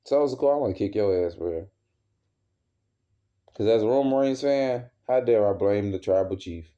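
A man's voice: lowish voice, moderate pace, dark tone. A man angrily ranting as a wrestling fan, heavy with profanity and worked up. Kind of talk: casual rant. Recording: dull lo-fi recording.

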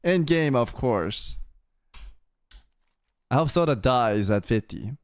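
A man's voice: mid-range voice, animated, slow pace, smooth, no room sound. A young man streaming casually, reacting to a clip in a laid-back, teasing way. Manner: laid-back, says "dude" a lot, teasing.

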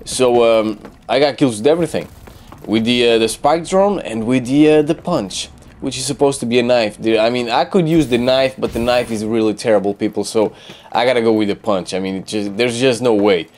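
Excitable trash-talking gamer man. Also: mid-range voice, fairly quick. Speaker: gameplay commentator. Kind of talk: live gameplay commentary.

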